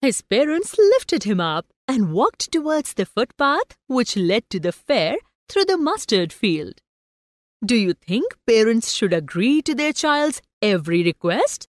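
Slow, lilting woman telling a story. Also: a little high, dry recording, clean studio sound. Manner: slow, expressive and lilting, asks the class questions. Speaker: teacher narrating a story. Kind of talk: scripted story narration for students.

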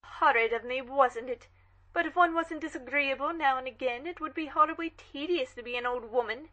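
A woman playing an imperious, sharp-tongued elderly aristocratic lady in an audio drama reading. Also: high voice, fairly quick. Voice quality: commanding, cross-examining.

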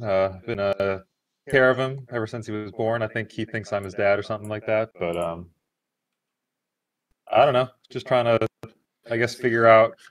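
A low-voiced man role-playing at a tabletop game, relaxed and a bit hesitant. He fills his sentences with pauses and lets them trail off softly. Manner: relaxed, hesitant, many fillers, soft trailing delivery. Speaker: tabletop player. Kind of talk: in-character tabletop role-play.

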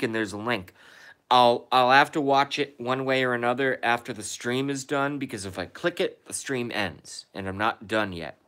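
A man with a bright, forward voice chats casually on his live stream from home. He reads viewers' comments aloud and answers them as he goes. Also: medium pitch, clear, resonant tone.

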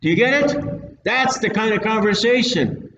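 A man with a high, fairly bright voice preaches at normal speed, giving a casual, folksy Bible-teaching sermon in a plain-spoken, emphatic way to a live audience in a church hall. The mic is distant in an echoey room, and the sound is dull.

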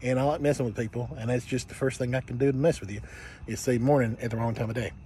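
A man's voice: medium pitch, steady tone, fast, mellow, slight background noise. A man talking candidly in a casual vlog, telling stories with self-mocking jokes. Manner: candid, joking storyteller. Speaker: vlogger. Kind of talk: casual late-night vlog.

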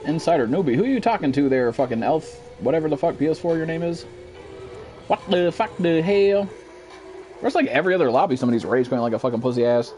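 A man's voice: a little high, fast, soft background music. A young American man streaming a shooter game, cursing constantly, ranting and reading out viewers' chat messages. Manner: profane, excitable, reads chat aloud. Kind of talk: live gameplay commentary.

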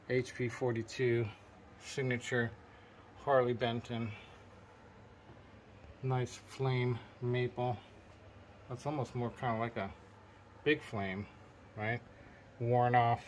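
A man of middle pitch gives an excited, rambling walkthrough of a packed indoor guitar room. He admires finishes and amps as he goes and keeps stopping to search for names. Faint noise sits under his voice. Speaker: vlogger touring a gear collection. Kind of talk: casual walkthrough commentary.

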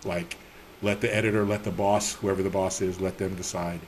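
A man's voice: low voice, fairly quick, slight background noise. A man, a TV writer, telling stories in a casual interview, acting out the people he quotes, laughing and swearing freely. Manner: animated, acts out quoted dialogue, laughs often; slangy, salty talk. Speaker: TV writer and producer, podcast guest.

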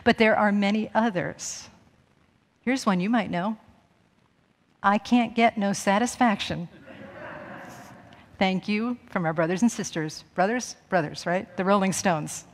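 A woman's voice: mid-range voice, a little slow, long pauses, in a large hall. A middle-aged woman minister giving a chatty, self-mocking sermon, laughing often. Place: church sanctuary.

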